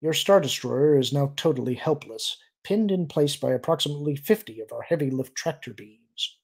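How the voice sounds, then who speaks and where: A man voicing a cold, cultured alien grand admiral who speaks with calm, measured menace in an audiobook reading. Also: fairly high pitch, husky.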